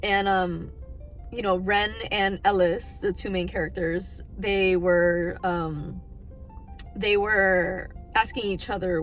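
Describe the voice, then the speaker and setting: A woman's voice: medium pitch, steady tone, takes it slowly. Young adult woman, book vlogger, casual chat, gushing, emotional, faint background music. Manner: gushing, emotional, lots of fillers.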